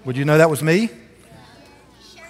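Chatty pastor in a reverberant sanctuary. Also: male voice, on the high side, expressive, normal speed, slight background noise. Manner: chatty, coaxing, asks children questions. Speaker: pastor leading a children's moment. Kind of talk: children's sermon and prayer. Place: church sanctuary. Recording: church service with long reverb.

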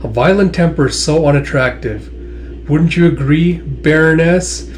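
A man's voice: a little high, a little slow, slight background noise, voice pushed up, natural voice. A man voicing a sly, mocking young half-wolf woman in a comic read-aloud. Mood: taunting. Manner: cool, taunting.

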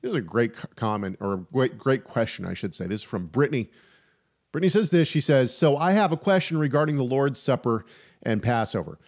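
A man's voice: medium pitch, sing-song, a little fast, a little mellow. Rambling, joking male podcast co-host. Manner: rambling, restarting sentences, joking asides. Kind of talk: casual chat about theology.

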